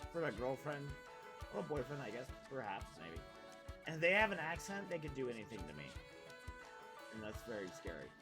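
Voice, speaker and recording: A man streaming a video game, talking in a crude, rambling way and swearing often. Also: mid-range voice. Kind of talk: casual gaming commentary.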